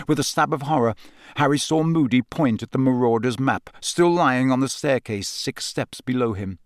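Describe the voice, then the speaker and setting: An audiobook narrator reads scripted narration from a novel, his middle-register voice keeping an even, measured pace. The sound is dry and close, without echo or room sound.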